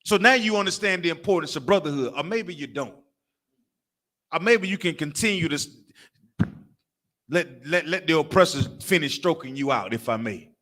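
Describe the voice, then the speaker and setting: A man's voice: a little high, expressive, normal speed, pauses often, bright, forceful tone. A man with a Southern US accent leading a lesson, emphatic and repetitive, calling on others by name. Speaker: teacher leading a street class. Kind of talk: preaching lesson with asides.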